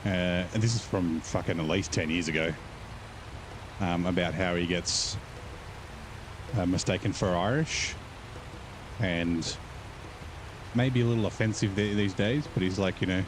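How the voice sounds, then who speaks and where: Man, low voice, easygoing gameplay rambler, cusses casually; heavy game engine noise under the voice. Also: measured pace, long pauses. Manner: rambling, chatty, swears casually. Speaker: gaming channel host.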